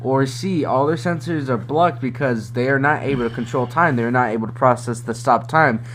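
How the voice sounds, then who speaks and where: A man's voice: medium pitch, moderate pace, fairly bright tone, a little hiss or hum. Rambling young man on a podcast. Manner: rambling, hesitant, laughs often. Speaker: podcast co-host. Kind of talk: casual chat.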